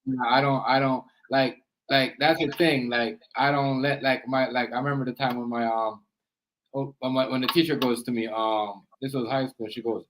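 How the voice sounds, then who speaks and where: A man from Canada in a casual live-stream discussion, telling stories haltingly with many likes and restarts. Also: mid-range voice, fairly even intonation, fairly bright tone, a little hiss or hum, poor audio.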